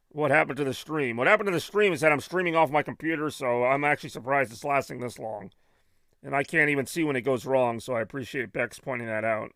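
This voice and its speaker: A man's voice: medium pitch, fast talker, fairly bright tone, no room sound, studio quality. A man streaming a game, reading its text and making wry joking asides. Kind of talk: let's-play commentary.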